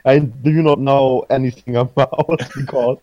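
A man's voice: medium pitch, fairly even intonation, unhurried, dark tone, no echo, lo-fi sound. A man on a podcast, giggling often and playing easily confused. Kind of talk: casual chat.

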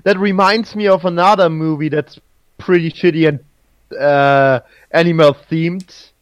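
Slow, halting man with a dry voice. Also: fairly high pitch, fairly even intonation, smooth, no room sound, lo-fi sound. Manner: halting, repeats words, laughs often. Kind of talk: casual chat.

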